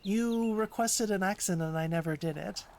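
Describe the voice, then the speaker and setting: A woman's voice: medium pitch, normal speed, darkish tone, a little hiss or hum. A woman hosting a casual language-learning livestream, talking in a playful, rambling way. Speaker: host of a language-learning stream.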